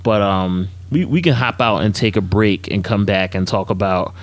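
A man co-hosting a podcast in casual chat, relaxed and slangy with many fillers. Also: on the low side, normal speed, no echo. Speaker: podcast co-host.

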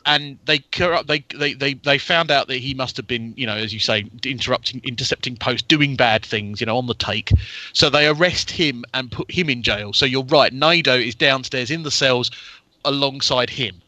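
Guy cohosting a podcast, bright tense voice, dead dry sound. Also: medium pitch, moderate pace, no echo. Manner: enthusiastic, theorizing. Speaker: podcast co-host. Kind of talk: casual chat.

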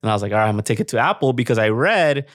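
A man's voice: mid-range voice, rapid-fire, dry recording, clean studio sound. A man casually ranting and telling a story as a podcast co-host, swearing freely and laughing often. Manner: profane, animated, laughs often.

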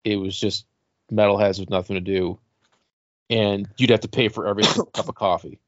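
Telling stories in a casual podcast chat, a middle-aged host rambles, curses freely, and laughs at his own jokes. His fairly low voice has fairly even intonation and a moderate pace, heard through a dull lo-fi mic without echo.

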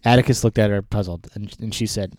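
A man's voice: on the low side, fairly even intonation, fast talker, darkish tone, no room sound. A man co-hosting a casual book discussion podcast, laughing often and reading passages aloud with light character voices. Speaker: podcast co-host.

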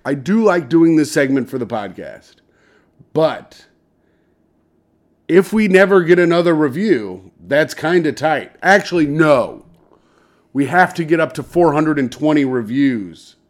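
Lively, joking young podcast host. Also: male voice, a little high. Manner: jokey, loose, swearing, quick laughs. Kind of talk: casual podcast banter.

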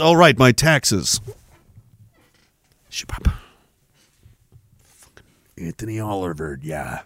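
A man's voice: fairly low pitch, very animated, takes it slowly, pauses often, fairly bright tone, dry recording, clean studio sound. A man hosting a podcast, ranting sarcastically with heavy swearing and frequent laughter while reading out viewer messages. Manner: profane, sarcastic, laughs often. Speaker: podcast host.

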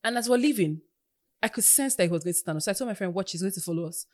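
A woman co-hosts a casual podcast. She tells her story at a quick clip and acts out every voice in it. Her pitch sits in the middle range. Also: lively intonation, a little mellow. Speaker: podcast co-host.

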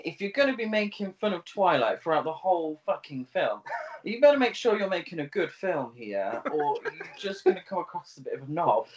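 A man's voice: sits high, slight background noise. A man co-hosting a podcast, giving wry, laughing opinions on a film. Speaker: podcast co-host. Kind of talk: casual film review chat. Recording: distant, dull sound.

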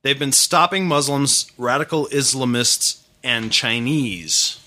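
A man trying to read political quotes as a blustering Southern speaker, in a flat, halting delivery. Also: mid-range voice. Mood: stiff.

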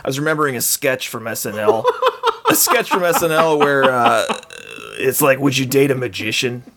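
A man's voice: mid-range voice, very animated, moderate pace, background noise. A man co-hosting a podcast in casual chat who laughs a lot and jokes around. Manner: laughs often, joking. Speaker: podcast co-host.

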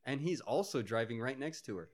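Animated, joking podcast co-host. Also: mid-range voice, brisk. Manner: joking, swears often, laughs a lot. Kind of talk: casual movie-riffing chat.

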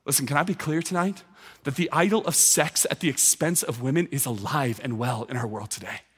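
Emphatic preacher in a reverberant hall. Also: male voice, mid-range voice, brisk, a bit bright, breathy edge. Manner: emphatic preaching, builds with repeated phrases. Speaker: pastor. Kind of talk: sermon.

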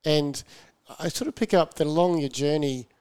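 Host, smooth resonant voice, encouraging interviewer with short affirmations. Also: male voice, fairly high pitch, normal speed, a little mellow. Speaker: podcast host. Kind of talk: interview questions.

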